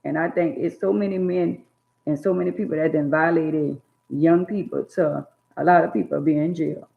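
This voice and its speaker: A woman with a gravelly, fry-laden voice tells stories in casual chat. Her speech carries a lilt. She jumps into loud, shrill bursts when she imitates angry parents. The sound is thin and phone-like. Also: moderate pace. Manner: animated, acts out scolding parents in loud bursts. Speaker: storyteller recalling childhood.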